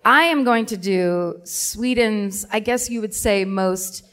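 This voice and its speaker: A woman hosting a live comedy true-crime podcast. She tells the story in an animated, sweary, self-mocking way, laughing as she goes. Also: mid-range voice, slow pace. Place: live theater stage before an audience.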